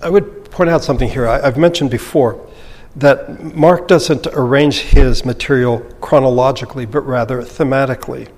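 A man giving a thoughtful, measured Bible lesson, explaining a passage with occasional restarts. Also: mid-range voice, a little mellow, big-room sound. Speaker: Bible teacher. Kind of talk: lecture-style Bible teaching.

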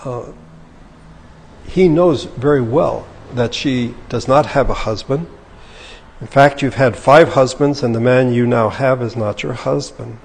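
Husky-voiced male pastor in a reverberant church. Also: medium pitch, unhurried. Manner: conversational, paraphrasing scripture in casual speech. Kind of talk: sermon.

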